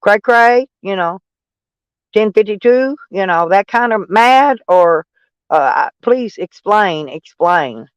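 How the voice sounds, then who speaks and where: Southern guy on a live stream, pretty high voice, rambly and joking on himself, reading out viewer comments. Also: lively intonation, slow pace, smooth, no echo. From Arkansas. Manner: rambling, joking and self-mocking, breaks into laughs.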